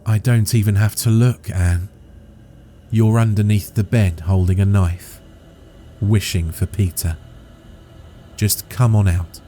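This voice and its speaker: A man voicing an eerie masked little boy who talks softly and calmly in a ghostly way. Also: on the low side, slow, long pauses, slight background noise. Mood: menacing. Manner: soft, ghostly.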